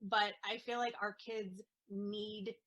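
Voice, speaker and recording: A woman speaking as an interview guest, an earnest mother talking in a halting way with many fillers and restarts. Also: mid-range voice, little pitch movement, fairly bright tone, low-quality recording. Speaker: guest, autism mom. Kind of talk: casual interview chat.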